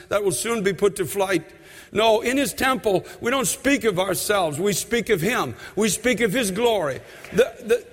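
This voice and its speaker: A man preaching a sermon in a church, impassioned, slowing and stretching words for emphasis. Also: high-pitched, big-room sound. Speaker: pastor. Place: church sanctuary.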